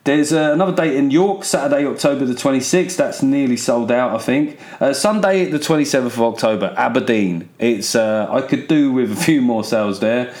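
An English man hosts his podcast on his own, swearing freely as he rambles. He is sardonic and sounds unscripted, with a middling pitch. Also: a little fast, few pauses, a little mellow. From England. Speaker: podcast host. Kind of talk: casual solo podcast monologue.

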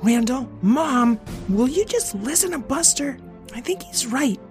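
A performer doing a whiny, high bratty girl. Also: expressive, a little slow, darkish tone, faint music behind. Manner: whiny, protesting. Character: bratty grown girl treated as a baby.

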